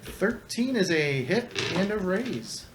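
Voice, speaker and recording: Man, game master, matter-of-fact rulings, slightly high voice, background noise. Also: very animated, takes it slowly. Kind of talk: running a tabletop game. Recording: noisy home recording.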